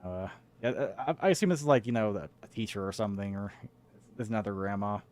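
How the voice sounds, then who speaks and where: A man's voice: lowish voice, fast, a little mellow. A man co-hosting a casual chat about games, rambling with lots of filler words and the odd swear. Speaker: podcast co-host.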